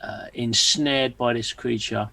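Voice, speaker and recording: A man playing a grave adult male adventurer in a tabletop game, speaking slowly and solemnly. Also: mid-range voice, steady tone, vocal fry, bright, forceful tone, dry recording, full character voice, low-quality recording. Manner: slow, solemn in-character speech.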